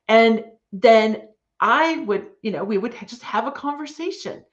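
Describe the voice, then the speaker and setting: A woman's voice: on the high side, big pitch swings, moderate pace. A woman giving a casual online writing lesson to parents, chatty and enthusiastic with frequent fillers. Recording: dull lo-fi sound.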